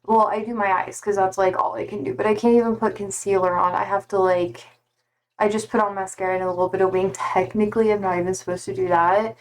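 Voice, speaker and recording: A woman's voice: mid-range voice, little pitch movement, fast, slight background noise. A young adult woman chatting casually on a live stream from home, loose and a little sweary as she greets viewers by name.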